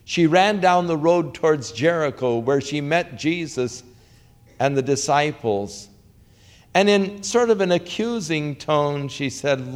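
A man preaching a sermon, slow and dramatic, with rising questions and hushed quotes. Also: fairly high pitch, lively intonation. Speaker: pastor.

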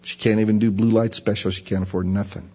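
A man's voice: fairly low pitch, little pitch movement, fast, warm tone, breathy edge. A man preaching a sermon, teaching through a Bible passage in a folksy, conversational way. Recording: lo-fi recording with long hall reverb.

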